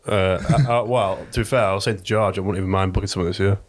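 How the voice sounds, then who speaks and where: Young male co-host, low-ish voice, rapid clipped delivery. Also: steady tone. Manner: quick short interjections. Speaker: podcast co-host. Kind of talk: casual chat.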